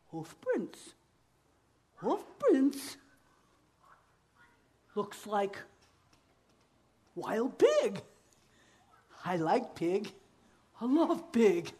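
A woman voicing a greedy, cheerful male hunter who talks in a lower, gruff voice. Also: very animated, extremely slow, long pauses, darkish tone. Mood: gleeful.

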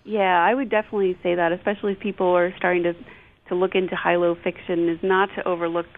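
A woman's voice: fairly low pitch, fast. A woman librarian guest on a radio show, talking casually with many fillers. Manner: relaxed, thinking aloud with fillers. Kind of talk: interview conversation. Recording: tinny phone line.

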